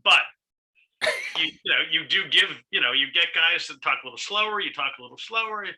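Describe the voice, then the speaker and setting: A man on a recruiting panel tosses in quick, jokey asides. His voice is very bright and sharp and sits slightly high. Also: lively intonation, a little hiss or hum, rough recording. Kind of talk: casual panel discussion.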